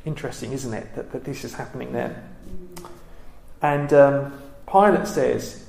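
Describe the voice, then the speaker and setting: A man giving a reflective Bible study talk, pausing often with ums and restarting his sentences. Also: mid-range voice, creaky, darkish tone, reverberant. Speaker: Bible teacher.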